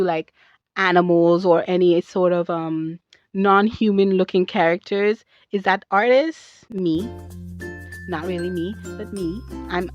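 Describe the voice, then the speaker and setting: A sassy woman rants to her camera in a lively, chatty way and wanders off on tangents. The sound is dull and lo-fi, with a dry, close feel and no room echo. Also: medium pitch. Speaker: video creator and artist. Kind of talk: casual rant to camera.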